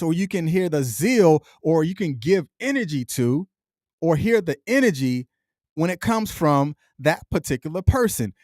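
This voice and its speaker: A middle-aged podcast host, his voice a bit higher than most men's, speaks into a close, dry mic with no room sound. His motivational monologue is reflective and repetitive, rolling along in a preacher's cadence.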